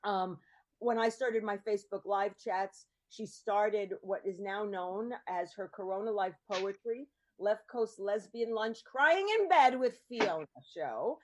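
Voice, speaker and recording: A woman's voice: mid-range voice, measured pace. A woman hosting a podcast, chatting in a rambling way with lots of ums. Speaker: podcast host. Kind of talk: casual chat.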